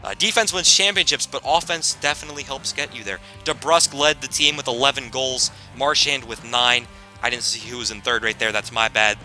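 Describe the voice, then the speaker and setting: A young man giving casual commentary on a hockey video game, excitable and self-deprecating, rambling and restarting his sentences. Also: mid-range voice, brisk, faint music behind. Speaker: gaming YouTuber.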